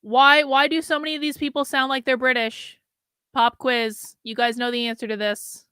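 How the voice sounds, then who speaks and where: A woman's voice: sits high, flat delivery, normal speed, sharp tone, clear, resonant tone, no room sound, studio quality. A woman hosting a show, giving mocking reaction commentary to a video with sarcastic, repeated jabs.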